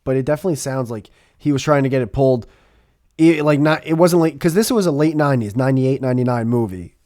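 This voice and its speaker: A man hosting a podcast in casual chat, animated, laughing often and swearing freely. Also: medium pitch, fast. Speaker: podcast host.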